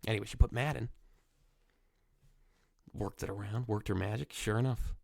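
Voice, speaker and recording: A young man with a cold telling a rambling comic story, full of fillers, sometimes jumping into squeaky voices for the people he quotes. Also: steady tone, normal speed, gravelly, a little mellow, no room sound, clean studio sound. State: nasal from a cold. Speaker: comedy podcast host.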